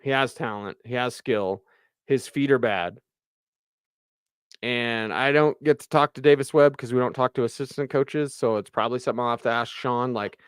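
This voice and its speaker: Male sports radio host, excitable and chatty, smooth clear voice, dry close mic. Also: mid-range voice, no room sound. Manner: excitable, chatty, fast bursts. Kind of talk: live postgame show reading viewer comments.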